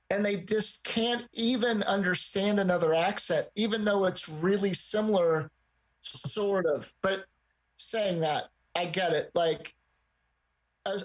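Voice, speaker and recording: A man hosting a casual podcast chat, telling stories in an animated way and swearing now and then. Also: high-pitched, rough recording. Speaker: host.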